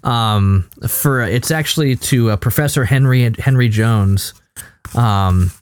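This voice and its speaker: A man's voice: medium pitch, takes it slowly, clean tone. A tired man co-hosting a casual podcast, recapping a show in a rambling way with many fillers and restarts. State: worn out. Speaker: podcast co-host.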